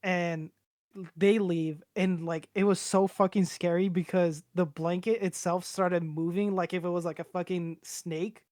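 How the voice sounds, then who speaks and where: A man's voice: high voice, steady tone, measured pace, a little mellow, no room sound, clean studio sound. A young man telling a long personal story on a podcast in a casual, rambling way, swearing freely and acting out what everyone said. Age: young adult. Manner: rambling, profane, acts out quoted voices.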